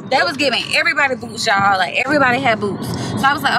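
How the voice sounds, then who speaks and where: A woman vlogger telling a story to the camera in a casual, animated way, swearing freely and calling her viewers y'all. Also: on the high side, very fast, few pauses, very noisy. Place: inside a parked car.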